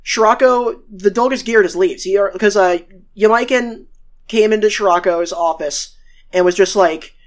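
A woman's voice: mid-range voice, normal speed. A woman co-hosting a podcast and recapping episodes in a rambling, profane, casual way. She acts out the characters she quotes. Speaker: podcast co-host.

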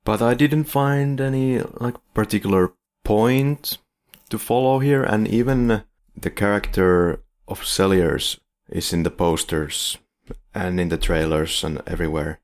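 A man's voice: on the low side, a little slow. A man co-hosting a film podcast in casual chat, wry and leading the questions. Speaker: podcast co-host.

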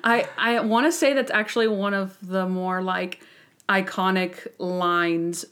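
A woman's voice: medium pitch, measured pace. A woman co-hosting a casual show recap, acting out scenes with laughter. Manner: animated, acts out quotes with laughter. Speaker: podcast co-host. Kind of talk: casual chat.

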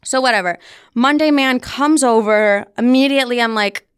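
A woman's voice: a little high, moderate pace, clean tone, no echo, clean studio sound. A young woman hosting a podcast, telling a personal story in a chatty, profane way full of "like". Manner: chatty, profane, frequent "like" filler. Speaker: podcast host. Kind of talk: casual storytelling. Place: studio.

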